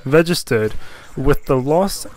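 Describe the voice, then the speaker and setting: A man's voice: fairly high pitch, expressive, slow pace, faint music behind. A young man sounding a bit sick, chatting casually and jokily as an online commentator reading out odd laws, with lots of fillers and goofy asides. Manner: rambling and jokey, with many fillers and silly voices.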